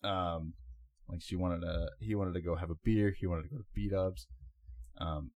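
A man's voice: sits low, fairly even intonation, moderate pace, darkish tone, no room sound, highs cut off. A man co-hosting a podcast, telling a long story in a rambling, laid-back way with lots of fillers. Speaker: podcast co-host. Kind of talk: casual storytelling chat.

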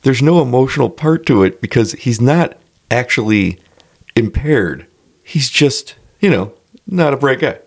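A man co-hosting a podcast, reviewing a movie in casual chat, animated and exasperated as he tells the plot. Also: mid-range voice, unhurried, gravelly. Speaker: podcast co-host.

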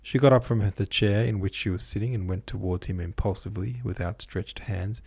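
A man narrating a classic novel as an audiobook host, in a measured, even storytelling manner. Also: fairly low pitch, gravelly, breathy edge. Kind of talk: scripted literary narration.

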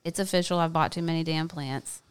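A woman's voice: deep voice, steady tone, a little fast, clear, resonant tone. A woman with a Southern US accent, co-hosting a plant channel, chatting bluntly and playfully. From American South. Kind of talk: casual chat.

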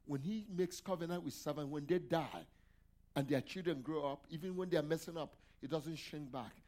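A man's voice: on the high side, normal speed, darkish tone. A male pastor preaching a sermon, asking the congregation questions for them to answer aloud and dropping in hallelujahs and amens. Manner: call-and-response questions to the congregation.

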